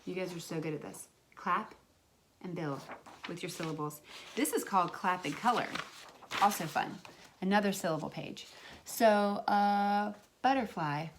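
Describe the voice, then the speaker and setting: A woman's voice: lowish voice, measured pace, noisy background. A woman teaching a remote lesson to young children as their kindergarten teacher, drawing out words in a sing-song way.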